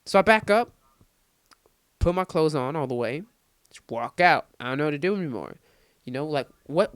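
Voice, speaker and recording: A man's voice: on the high side, clean tone, no room sound. A young man in his late teens casually telling a rambling, crude story over gameplay footage. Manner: rambling, crude, animated retelling. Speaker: gaming commentator.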